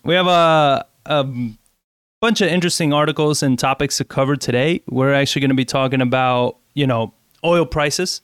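A man co-hosting a casual talk show, chatting in a relaxed, rambling way with lots of fillers. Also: fairly high pitch, normal speed, clear, resonant tone, no echo, clean studio sound. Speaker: podcast co-host. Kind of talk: casual chat.

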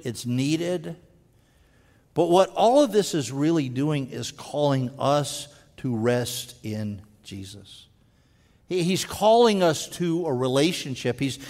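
A man preaching a sermon in earnest, stumbling over restarts and dropping to a slow, quiet voice for emphasis. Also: fairly high pitch. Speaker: pastor. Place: church sanctuary. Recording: long hall reverb.

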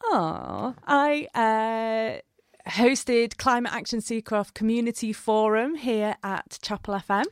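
A woman's voice: fairly high pitch, very animated, smooth, no echo. Brief: female co-host, bubbly and sarcastic, recorded close and dry. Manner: bubbly, quick to laugh, sarcastic asides. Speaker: podcast co-host. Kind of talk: casual chat.

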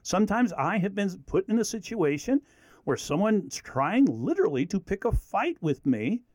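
A man's voice: sits high, moderate pace, no echo. A man teaching a Bible study lesson, telling the story with feeling and acting out the quoted lines. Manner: animated storyteller who acts out quoted lines.

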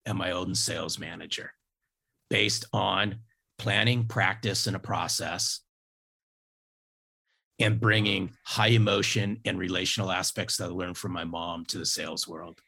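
A man in his fifties with a very low, gravelly voice that has a husky edge. He tells his stories with emphatic repetition, hammering key phrases home like a seasoned sales coach. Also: fairly even intonation, unhurried, sharp tone. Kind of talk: storytelling interview talk.

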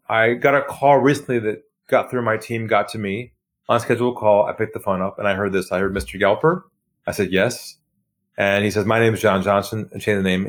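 A man telling sales stories in a podcast interview, acting out phone calls with lively shifts. He drops his voice low and quiet for effect, then jumps high when playing excited callers. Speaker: sales trainer guest.

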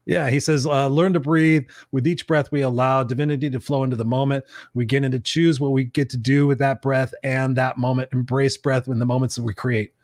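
A man's voice: medium pitch, fairly even intonation, a little fast, hardly any pauses, a little mellow, dry recording, studio quality. A man hosting a live talk show, enthusiastic and effusive, reading out viewer comments and swearing casually. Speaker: podcast host.

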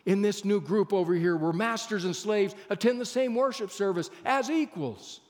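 A man's voice: sits high, normal speed. Emphatic male pastor in a reverberant hall. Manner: emphatic, varies pace and loudness for effect. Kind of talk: sermon.

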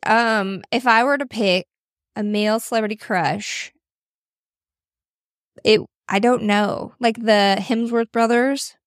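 A woman's voice: a little high, dry recording, clean studio sound. A woman co-hosting a podcast, chatting casually and playfully with her husband, filling her talk with "like". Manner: chatty and playful, heavy use of "like". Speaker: podcast co-host.

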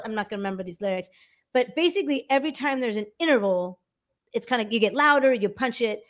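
Animated woman vocal coach. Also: fairly high pitch, fast. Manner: animated, demonstrates by singing snippets. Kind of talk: casual interview talk.

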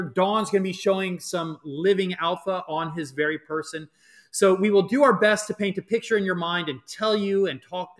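A man's voice: a little high, fairly bright tone. A man hosting a live podcast, chatty with frequent fillers. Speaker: podcast host.

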